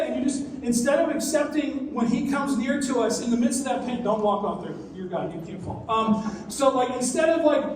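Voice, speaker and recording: High-voiced man preaching in an echoey hall. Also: fairly quick. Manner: animated, acts out prayers in a strained voice. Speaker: youth pastor. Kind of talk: youth group sermon. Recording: echoey hall, distant mic, faint noise.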